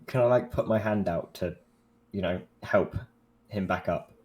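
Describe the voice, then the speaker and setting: A man's voice: sits low, measured pace, a little mellow. A man taking part as a player in a tabletop game, speaking in short, tentative bits and asking before he acts. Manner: tentative, asks before acting.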